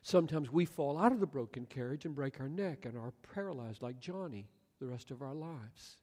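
A man in his sixties preaching a sermon, emphatic and swinging up to loud, impassioned bursts. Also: medium pitch, animated, brisk, husky. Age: 60s. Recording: echoey hall with long reverb.

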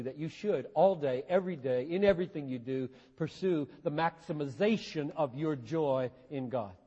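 A man preaching a sermon with earnest intensity, swinging between hushed, low passages and sudden emphatic bursts. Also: dull audio. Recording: long hall reverb.

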